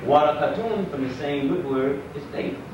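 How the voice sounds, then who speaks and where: A fairly high-voiced man, an imam, lectures a class in a relaxed, conversational way and keeps quizzing his students. He is heard from across a very echoey mosque classroom. The recording sounds like dull, muffled 1990s tape with a faint hiss. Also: moderate pace, distant mic. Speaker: imam teaching Arabic.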